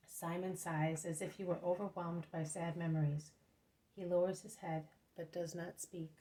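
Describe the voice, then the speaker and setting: A woman reading a devotional book aloud as narrator, in a steady reading manner. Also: on the low side, moderate pace. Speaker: reader. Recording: roomy echo, mic at a distance.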